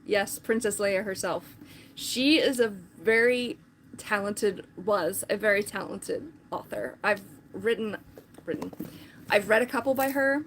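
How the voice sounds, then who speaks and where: A woman's voice: medium pitch, unhurried, a little hiss or hum. A woman chatting casually on a live stream, rambling with lots of filler words.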